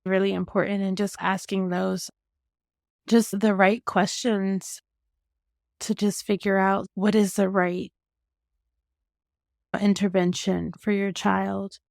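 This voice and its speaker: A woman's voice: medium pitch, little pitch movement, slow pace, vocal fry, pauses often, darkish tone, no room sound, studio quality. A woman hosting a podcast, talking casually and sharing her own experience, with frequent fillers. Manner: chatty, many fillers like "like" and "literally". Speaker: podcast host. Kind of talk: casual conversational interview.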